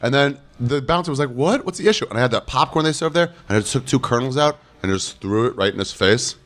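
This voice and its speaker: A man's voice: mid-range voice, fast talker. A man telling crude stories in a casual podcast chat, laughing as he goes. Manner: animated, profane, laughing through stories. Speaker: comedian podcast guest.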